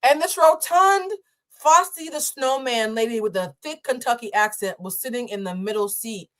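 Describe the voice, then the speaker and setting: A woman's voice: a little high, moderate pace, fairly bright tone. A woman from Boston hosting a live stream, reacting bluntly and profanely to a viral clip and laughing often. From Boston, USA.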